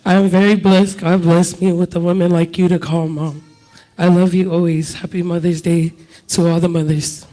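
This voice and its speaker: A man's voice: sits high, little pitch movement, moderate pace, warm tone. A man giving a Mother's Day tribute at church, nervous and earnest.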